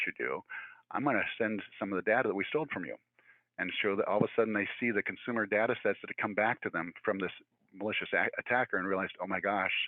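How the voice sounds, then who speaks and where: A man, likely in his sixties, giving a virtual presentation in a fast, conversational way with many fillers and restarts. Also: on the low side, no echo. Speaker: guest speaker. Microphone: video call. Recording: tinny phone-like audio, dry.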